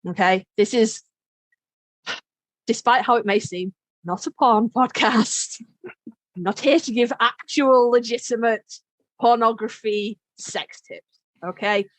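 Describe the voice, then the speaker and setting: A woman's voice: fairly high pitch, fairly even intonation, takes it slowly, pauses often, no room sound. A woman hosting a podcast, explaining things in a frank, candid way, swearing and laughing easily. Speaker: podcast host. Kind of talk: casual explainer chat.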